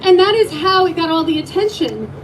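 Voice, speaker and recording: A woman's voice: very high-pitched, animated, a little fast, slight background noise, rough recording. A middle-aged woman who owns a restaurant, giving an emotional speech at an outdoor rally and rising to rallying cries. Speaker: rally speaker, restaurant owner. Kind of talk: impassioned speech to a crowd.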